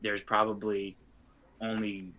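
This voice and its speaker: A young man from New Jersey chats in a casual interview, his slightly low voice carrying a sharp, very bright tone. He is laid-back and jokey, often trailing off mid-sentence. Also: monotone, slow pace. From Asbury Park area, New Jersey. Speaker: band frontman guest.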